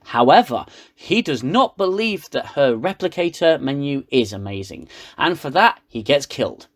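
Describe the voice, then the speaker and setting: A man's voice: medium pitch, animated, moderate pace. A man with a British accent giving a sarcastic, rambling comedic recap of a TV episode. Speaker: reviewer.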